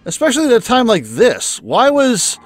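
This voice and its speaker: A man's voice: extremely high pitch, wildly swooping pitch, normal speed, voice pushed up, full character voice. A man reading a wounded young man's first-person narration aloud from a visual novel, in a plain, lightly dramatic way.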